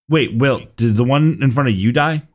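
A man's voice: medium pitch, takes it slowly. A man running a tabletop game as game master, casual, swearing freely and laughing often.

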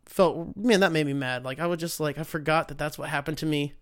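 A man's voice: fairly high pitch, fairly quick, no room sound, clean studio sound. A young man, hosting a casual solo talk show in a profane, rambling, sarcastic way. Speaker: podcast host.

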